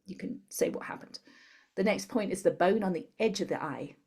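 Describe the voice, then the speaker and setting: A woman guest in an interview, calmly explaining a tapping technique step by step. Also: lowish voice, brisk, gravelly, slightly rough. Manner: calm step-by-step instructor. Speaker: guest, tapping therapy practitioner.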